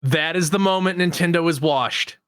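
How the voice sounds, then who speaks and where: A man's voice: on the high side, moderate pace, fairly bright tone, clear, resonant tone. A man co-hosting a podcast in casual chat, tossing in wry joking asides. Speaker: podcast co-host.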